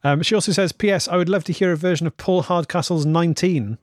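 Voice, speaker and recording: A man's voice: sits high, fast, no echo. A man from England co-hosting a comedy podcast, reading listener emails aloud with dry amusement. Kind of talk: casual chat.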